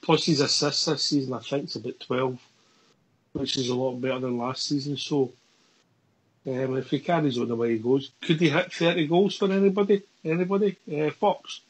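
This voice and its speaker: A man's voice: medium pitch, fairly even intonation, moderate pace, slightly rough, low-quality recording. A man hosting a fan radio chat, putting questions to the others and steering the talk. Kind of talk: casual chat.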